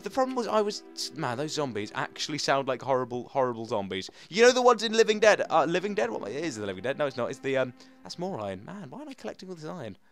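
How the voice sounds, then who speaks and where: A young man giving casual let's-play commentary, chatting to his pets and himself and jumping into high-pitched shouts. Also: big pitch swings, quick pace, few pauses, soft background music. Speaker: gaming channel host.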